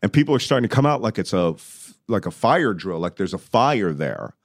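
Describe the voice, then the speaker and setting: Middle-aged man, low voice, dry close sound, vivid storytelling. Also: big pitch swings, brisk, no room sound. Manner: vivid storytelling, shouts when reenacting. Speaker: guest telling a personal story. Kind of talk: animated storytelling.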